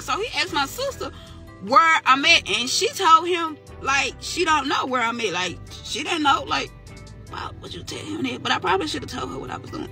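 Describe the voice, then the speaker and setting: Young woman, very bright voice, slangy casual storytime, acting out the quotes, faint music behind. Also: on the high side. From Mississippi. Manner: candid, slangy, animated retelling with quoted dialogue.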